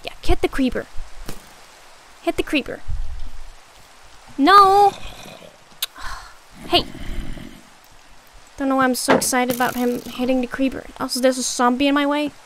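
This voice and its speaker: A woman's voice: high voice, flat delivery, fast, hardly any pauses, a little hiss or hum, rough recording. A young woman giving casual gameplay commentary, muttering to herself, swearing and getting exasperated. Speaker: gaming YouTuber. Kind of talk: casual let's-play commentary.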